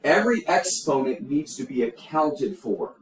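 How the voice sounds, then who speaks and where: A man's voice: mid-range voice, big pitch swings, normal speed. A middle-aged man teaching an algebra lesson, emphatic and repetitive, with many fillers and restarts. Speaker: math teacher. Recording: echoey room, distant mic, faint hum.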